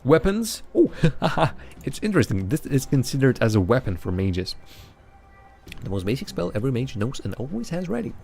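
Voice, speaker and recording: A man streaming a role-playing game live, thinking aloud as he goes. His pitch moves a lot from line to line. He talks in a loose, chatty way. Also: very animated, normal speed, gravelly, darkish tone. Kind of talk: live game playthrough commentary.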